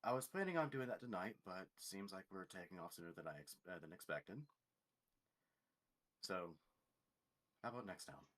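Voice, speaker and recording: A man's voice: low-pitched, lively intonation, normal speed, long pauses, a bit bright. A man voicing a courteous man who earnestly asks a woman to dinner, with a few small restarts.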